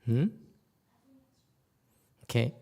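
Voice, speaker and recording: A man's voice: extremely slow, dark tone. A man giving a conversational Buddhist sutra lecture, often stopping to question his audience. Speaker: Buddhist teacher.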